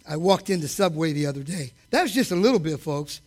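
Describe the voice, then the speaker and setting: A man preaching a sermon in a church, swinging between quiet, joking asides and loud, shouted peaks. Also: high-pitched, husky. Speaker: preacher and coach.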